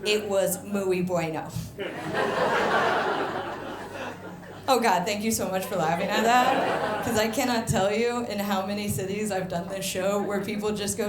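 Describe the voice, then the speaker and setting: American woman, stand-up comedian, animated storytelling, roomy live venue, audience laughing. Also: unhurried, long pauses, a loud crowd, very noisy. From United States. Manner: animated storytelling, voice jumps high when indignant. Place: theatre stage before a live audience.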